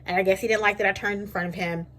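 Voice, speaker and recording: A young woman, casually vlogging and telling a story in a chatty, animated way from her kitchen. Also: medium pitch, very fast. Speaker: beauty vlogger. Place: home kitchen.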